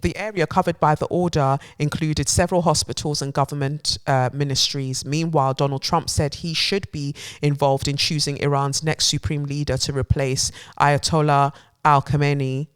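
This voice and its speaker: A woman's voice: low voice, moderate pace, smooth. Sarcastic woman ranting on news. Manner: sarcastic, animated, swears freely; reads headlines aloud then riffs on them. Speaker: podcast host.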